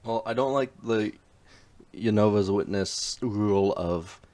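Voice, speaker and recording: Young man, low voice, casual podcast co-host, brief teasing questions. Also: measured pace, darkish tone. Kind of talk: casual chat.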